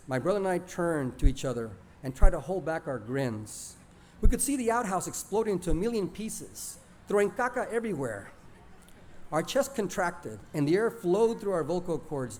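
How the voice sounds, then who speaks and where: A man reading his own stories aloud to a live audience in a lively, expressive storytelling manner. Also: high voice, normal speed, slight background noise.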